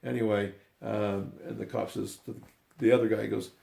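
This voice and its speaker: A man's voice: on the low side, flat delivery, normal speed, gravelly, dark tone, reverberant. An older man, a grandfather, casually telling a rambling family story, correcting himself as he goes and acting out the people he quotes. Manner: rambling, self-correcting, acts out quoted voices.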